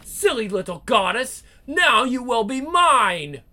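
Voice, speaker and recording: A woman voicing a cruel, seductive vampire queen in a comic book read-aloud, with slow, taunting, theatrical delivery and growls. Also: fairly high pitch, big pitch swings, pushed and bright, pitched above the performer's own voice, heavily acted. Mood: gloating.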